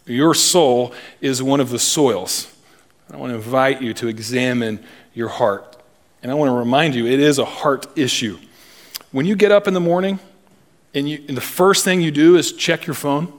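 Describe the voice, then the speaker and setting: A male pastor preaching a sermon, emphatic and deliberate, with humorous asides. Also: medium pitch.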